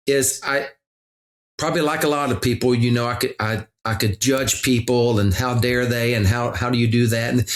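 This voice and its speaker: A middle-aged man, a pastor guest on a podcast, talking earnestly and reflectively, often restarting his sentences. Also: mid-range voice. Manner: earnest storytelling with frequent restarts. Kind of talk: reflective conversation.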